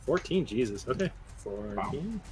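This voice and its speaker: A man narrating a tabletop game as game master, casual and quick to laugh, swearing freely as he describes the action. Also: mid-range voice, big pitch swings, a little mellow, breathy edge, faint music behind.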